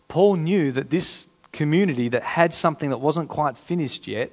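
A pastor preaching a sermon in a conversational, emphatic way, repeating phrases for effect. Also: male voice, on the high side, moderate pace, hardly any pauses, darkish tone.

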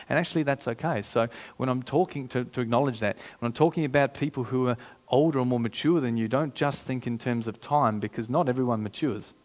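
A pastor preaching a sermon in a conversational, emphatic way, repeating phrases for effect. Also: male voice, medium pitch, a little fast, darkish tone.

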